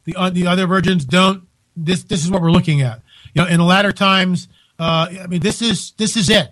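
A man hosting a live talk radio show from home, incredulous and animated, restarting his sentences often. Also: sits high, brisk, low-quality recording.

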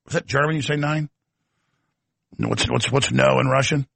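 A man's voice: medium pitch, steady tone, normal speed, gravelly, pauses often, a bit bright, dry recording. A man hosting a political talk show, delivering an emphatic, ranting monologue with sardonic asides.

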